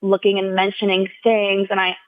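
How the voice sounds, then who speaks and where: A woman's voice: mid-range voice, completely flat delivery, moderate pace, dry recording. A woman guest telling a personal story in a conversational interview. She speaks earnestly and from the heart, with frequent "like"s, and acts out the people she quotes in raised voices. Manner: earnest, heartfelt retelling, heavy use of "like". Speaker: podcast guest. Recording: tinny phone-like sound, dry.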